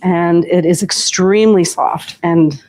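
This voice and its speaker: A woman co-hosting a live sale, describing products in a relaxed, unhurried way. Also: on the low side, slight background noise. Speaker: co-host showing products. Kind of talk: casual product showcase.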